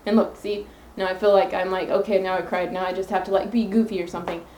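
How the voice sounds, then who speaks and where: A woman's voice: mid-range voice, level tone, fast talker, a little mellow, roomy sound, slight background noise, low-quality recording. Earnest woman podcasting on her phone. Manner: earnest, rambling with self-affirmations. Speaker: podcast host. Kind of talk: solo podcast monologue.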